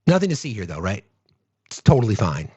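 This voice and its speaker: A man's voice: lowish voice, very animated, fairly quick, darkish tone, breathy edge, dry recording. A man hosting political commentary from home, sarcastic and profane. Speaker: host.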